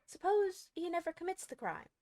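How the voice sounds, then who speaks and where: A woman voicing a curious, polite young girl, earnest and wondering, pitched well above her own voice. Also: sing-song, normal speed, mellow, full character voice.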